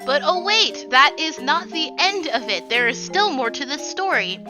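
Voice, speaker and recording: A woman in her twenties telling a rambling, animated story for a vlog, full of "like" and "you know.". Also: sits high, normal speed, music in the background, rough recording. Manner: rambling, filler-heavy, animated retelling. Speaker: vlogger.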